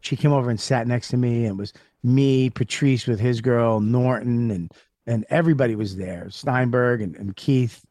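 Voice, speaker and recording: A man on a podcast telling a rowdy story, swearing often and breaking into loud mocking voices. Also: medium pitch, moderate pace, no room sound, studio quality. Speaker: comedian guest. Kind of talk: casual podcast banter.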